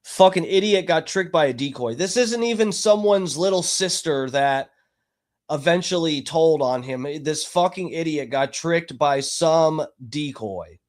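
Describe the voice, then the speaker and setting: A man's voice: fairly high pitch, expressive, unhurried. A man hosting a live stream, giving profane, mocking, agitated commentary. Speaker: streamer host.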